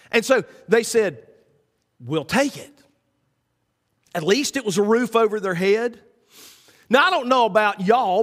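A man preaching a sermon, folksy and animated in his storytelling. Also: high-pitched. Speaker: pastor. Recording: echoey church hall.

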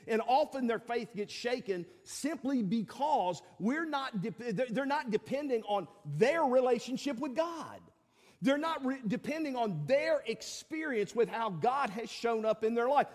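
A man's voice: high-pitched, long reverb tail. A male pastor, preaching a sermon in a conversational, folksy way with fillers and emphatic peaks.

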